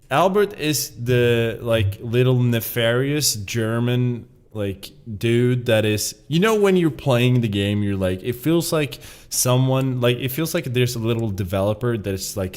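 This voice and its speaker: A man streaming a game, chatting casually in a rambling, profane, self-mocking way. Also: mid-range voice. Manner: rambling, profane, laughs at himself. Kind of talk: casual live-stream commentary.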